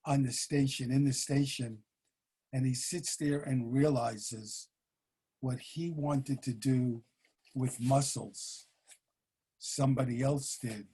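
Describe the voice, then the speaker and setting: A man who is senior minister, giving a sermon in a slow storytelling manner with pauses and fillers. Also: mid-range voice, mellow, slightly rough.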